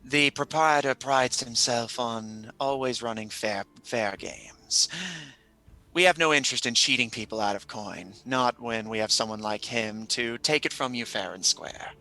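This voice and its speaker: A man's voice: mid-range voice, a little slow, pushed and bright, rough recording. A man voicing a flirty, sly tavern woman who teases her customers. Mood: coy.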